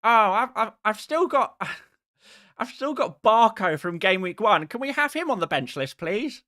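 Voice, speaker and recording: A man's voice: high-pitched, big pitch swings, a little slow, bright, forceful tone, voice pushed up, full character voice. Man doing a whiny, needy football fan. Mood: whiny pleading. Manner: whining, pleading, dithering.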